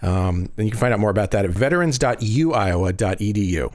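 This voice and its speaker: A man hosting a casual podcast chat, halting and full of fillers. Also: lowish voice, expressive, a little mellow, no echo, clean studio sound. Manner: hesitant, many fillers and restarts. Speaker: podcast host.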